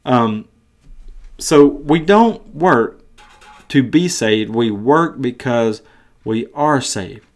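Male podcast Bible teacher, earnest, mid pitch, frequent restarts. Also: animated, drawn-out words, pauses often.

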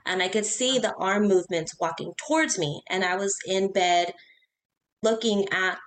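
A woman casually telling personal ghost stories in a chat, animated, talking in quick bursts and acting out her own reactions. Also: mid-range voice.

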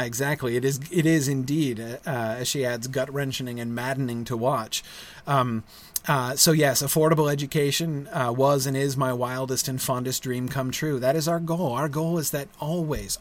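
A middle-aged man talking casually to viewers as a school founder, halting with many fillers and restarts and a frequent tag question at the end of his points. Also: medium pitch, steady tone. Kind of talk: casual livestream talk.

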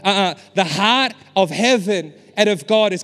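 A man's voice: high voice, moderate pace, a bit bright. A pastor delivering an impassioned, emphatic sermon, often urging his listeners with "come on.". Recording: long hall reverb with faint music behind.

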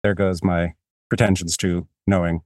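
A man's voice: deep voice, level tone, moderate pace, darkish tone, no room sound, clean studio sound. A man hosting a podcast, talking through a book in a rambling, self-deprecating way with many restarts. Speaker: podcast host. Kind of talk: casual book discussion.

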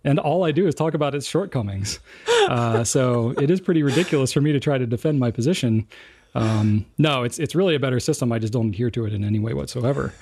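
A man's voice: mid-range voice, fast, a little mellow, slightly rough. A man co-hosting a casual chat, reading viewer comments aloud and joking at himself, laughing often. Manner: jokey, self-deprecating, laughs often. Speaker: co-host.

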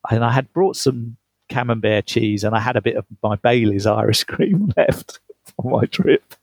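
Speaking at a normal pace in a slightly mellow, mid-range voice, a male author recounts travel stories in an interview about his book. He's chatty, laughs a lot and often starts phrases over. The audio has no room sound.

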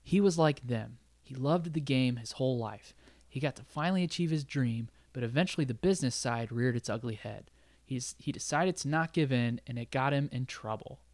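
A man's voice: medium pitch, a little mellow, no room sound. A man co-hosting a podcast, casually recapping a film's plot with frequent laughs. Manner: recaps the plot, laughs often, quotes lines in quick bits. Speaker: podcast co-host recapping a film. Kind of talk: casual chat.

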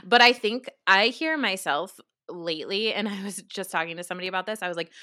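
A woman's voice: lowish voice, quick pace, hardly any pauses, pushed and bright, dry recording, studio quality. A young woman with a New York accent co-hosting a podcast, talking frankly and animatedly with a friend. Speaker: podcast co-host. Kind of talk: casual podcast chat.

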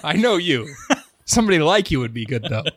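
A man's voice: a little high, fairly quick, no room sound, studio quality. A man co-hosting a casual podcast, chatting with frequent chuckles. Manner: chuckling, animated storyteller. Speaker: podcast co-host. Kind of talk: casual chat.

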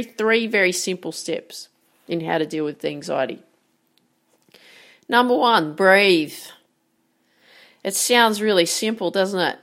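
A woman giving a motivational coaching talk about handling nerves, direct and emphatic, often asking rhetorical questions. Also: on the low side. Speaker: sports mindset coach.

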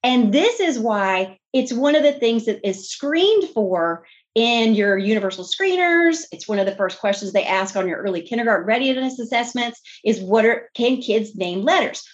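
Animated woman speech therapist explaining. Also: on the high side, moderate pace, muffled recording. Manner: animated, teacherly, stresses key words. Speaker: speech-language pathologist guest. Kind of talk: podcast interview explanation.

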